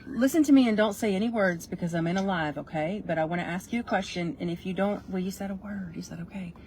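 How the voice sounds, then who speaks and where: A woman hosting a casual live video on her phone, talking in an excitable, rambling way. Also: mid-range voice, quick pace, slight background noise. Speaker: live-stream host. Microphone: phone camera.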